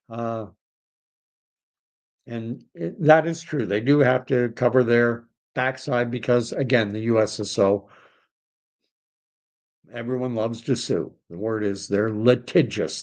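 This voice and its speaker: A middle-aged man chats on his livestream at an ordinary pitch. He rambles through his story and keeps restarting his sentences. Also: darkish tone. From Canada. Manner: rambling, self-correcting, conversational. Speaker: livestream host. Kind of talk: casual storytelling chat.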